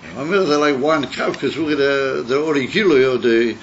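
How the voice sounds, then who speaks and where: A rabbi leads a text-study class, explaining and thinking aloud with frequent restarts. He speaks fairly quickly in a mid-range voice, on a dull lo-fi recording with a little hiss or hum.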